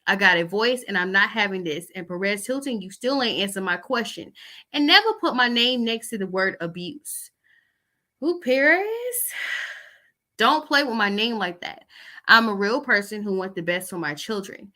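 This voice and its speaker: A woman's voice: medium pitch, animated, moderate pace, pushed and bright. A woman chatting casually as host, reading out text messages with loose asides.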